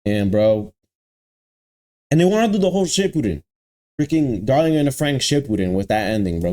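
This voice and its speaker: Young man ranting in an animated voice. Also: medium pitch, fairly quick, pauses often. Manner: exasperated ranting with heavy repetition and slang; talks straight to his viewers. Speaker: anime reaction channel host. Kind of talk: casual ranting reaction.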